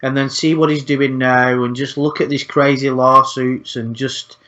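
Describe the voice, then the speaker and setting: A man's voice: medium pitch, little pitch movement, moderate pace, bright, forceful tone. A man hosting a casual chat, rambling, swearing often and repeating words as he talks. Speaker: channel host. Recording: dull lo-fi sound.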